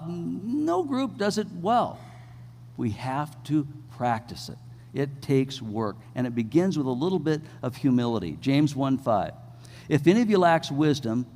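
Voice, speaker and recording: A man's voice: medium pitch, darkish tone. Male pastor, middle-aged, conversational sermon, storytelling, long hall reverb. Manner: storytelling, self-deprecating and conversational with many restarts. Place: church sanctuary.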